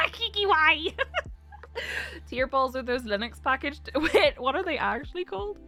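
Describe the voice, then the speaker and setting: A woman talks casually to her live-stream chat, close to tears and laughing often. Her voice sits high and sounds bright and forceful. Soft music plays faintly behind her. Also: big pitch swings, slow. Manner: emotional, laughs often, reads chat aloud. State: teary, close to crying.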